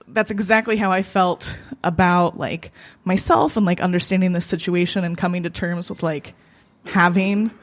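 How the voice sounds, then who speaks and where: Woman co-host at a live cafe open mic, personal story, halting delivery full of restarts. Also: lowish voice. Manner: halting, many fillers and restarts, emotional. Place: small cafe.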